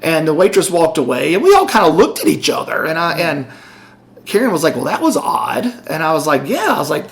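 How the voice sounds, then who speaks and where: A man's voice: fairly high pitch, big pitch swings, fast talker. A middle-aged man co-hosting a podcast, telling a story in casual chat and animatedly acting out the voices of the people in it. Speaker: podcast co-host.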